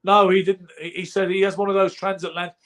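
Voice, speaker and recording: Fast-talking, insistent Englishman. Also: high voice, flat delivery, fairly bright tone. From England. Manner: insistent, emphatic. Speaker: podcast co-host. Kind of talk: argumentative boxing chat.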